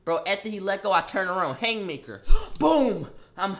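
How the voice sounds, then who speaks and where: A young man telling a wild personal story, excitable and profane, acting out a fight with loud sound effects and rambling restarts. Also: sits high, brisk. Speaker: storyteller vlogger. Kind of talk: animated storytelling.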